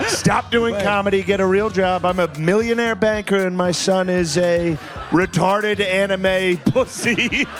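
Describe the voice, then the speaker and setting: A man's voice: high-pitched, fairly even intonation, measured pace, faint music behind. A man doing an exaggerated, pompous impression of a boastful older politician.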